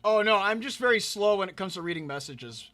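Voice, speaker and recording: A man's voice: sits high, lively intonation, brisk, bright, forceful tone. A man hosting a casual drawing live stream, rambling and repeating words as he reads chat aloud. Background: faint background music.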